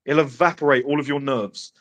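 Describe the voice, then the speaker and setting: A man's voice: mid-range voice, steady tone, fairly bright tone. A man giving brash, profane dating advice in casual podcast chat. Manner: brash, swearing, quick one-liners.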